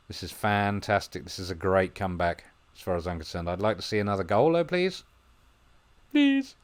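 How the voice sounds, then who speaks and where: A man talks through his football management game in a lowish voice. He muses quietly over his tactics, then breaks into excited commentary when the chances come. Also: clean tone. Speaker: gaming video host. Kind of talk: gameplay commentary.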